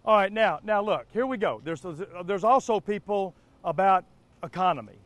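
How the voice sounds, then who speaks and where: A man's voice: high-pitched, animated, normal speed, fairly bright tone. A man hosting a car dealership TV spot, pushing deals in a repetitive way, checking in with "all right?" and "okay?". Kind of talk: live car sales pitch. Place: car lot outdoors.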